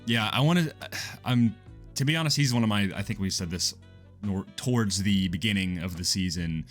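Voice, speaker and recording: Low-voiced rambling podcast host. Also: male voice. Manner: rambling, quick, laughs often, self-correcting. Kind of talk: casual podcast review chat. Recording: lo-fi music bed underneath.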